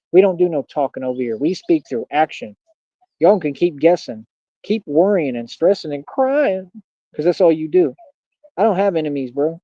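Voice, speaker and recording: A man's voice: mid-range voice, no room sound. A young man ranting defiantly at his critics on a livestream, confrontational and full of street slang. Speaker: streamer. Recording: dull lo-fi stream audio.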